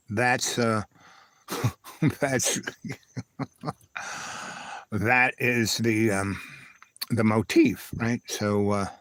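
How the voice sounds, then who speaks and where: A man's voice: lowish voice, no room sound. A man hosting a live stream, telling a loose, digressive personal story, peppered with "right?" and "anyway".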